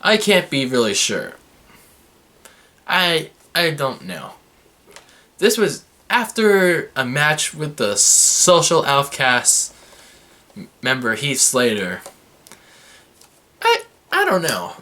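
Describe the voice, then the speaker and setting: This casual commentary comes from a young wrestling vlogger walking viewers through an episode at an easy pace. He's excitable and sarcastic, his energy fluctuating and his pitch swinging broadly. It feels like a fan venting to the people watching.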